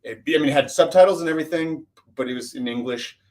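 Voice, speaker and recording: A man's voice: a little high, fast talker, darkish tone. A man, an actor guesting on a livestream, chatting casually and rambling through his answers. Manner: rambling, lots of fillers and restarts. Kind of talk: casual chat.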